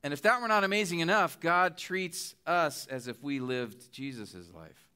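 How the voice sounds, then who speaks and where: Bright-voiced earnest middle-aged man preaching. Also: a little high, expressive, moderate pace, clean tone. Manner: earnest, pleading appeals with rising emphasis. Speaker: guest preacher. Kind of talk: sermon.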